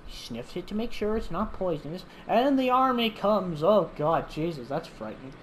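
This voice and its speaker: A man's voice: high voice, expressive, moderate pace, a little hiss or hum. Chatty man narrating a game playfully. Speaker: gaming channel host. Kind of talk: casual gameplay commentary.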